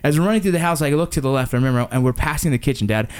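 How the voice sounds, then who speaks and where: Fast-talking man telling a story. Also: mid-range voice, smooth. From Los Angeles, USA. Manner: fast, animated storytelling with restarts. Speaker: son recalling a disaster with his father. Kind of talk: casual conversation.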